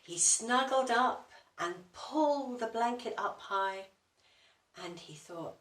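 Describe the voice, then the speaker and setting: Slow, gentle woman reading a children's story. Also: on the high side, lively intonation. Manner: asks the young listeners questions. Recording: roomy echo, distant mic.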